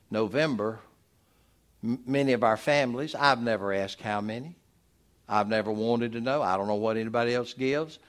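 A pastor, preaching a sermon in an emphatic, exhorting manner. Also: male voice. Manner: preachy, emphatic, rising to loud exhortation then dropping low.

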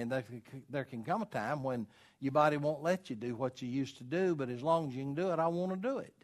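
A middle-aged preacher delivers a homespun sermon. His voice sits a little high for a man, and he drops to quiet, confiding asides before rising into loud, urgent appeals. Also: a little fast. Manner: folksy, swings from quiet asides to loud exhortation. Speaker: pastor.

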